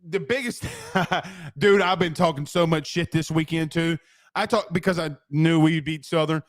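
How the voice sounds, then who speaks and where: A man hosting a postgame sports talk show, ranting in a brash, profane, rapid-fire way. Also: high-pitched. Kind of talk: fired-up postgame sports rant.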